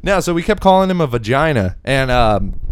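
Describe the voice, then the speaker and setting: A man co-hosting a casual, crude podcast, telling stories with animated energy and acting out other people's voices. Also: medium pitch, fairly quick, smooth. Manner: animated storyteller who acts out quoted voices and laughs. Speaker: podcast co-host. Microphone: studio microphone.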